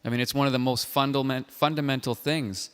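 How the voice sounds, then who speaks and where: Calm male call-in host, reverberant. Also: mid-range voice, brisk, clean tone. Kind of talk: hosting a call-in show. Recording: long reverb.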